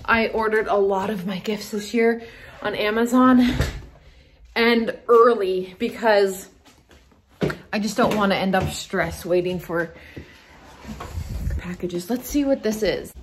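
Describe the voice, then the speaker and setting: A woman's voice: mid-range voice, slow pace, long pauses, noisy background. A young woman from Canada chatting casually to her vlog camera from her car, laughing often and trailing off. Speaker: vlogger.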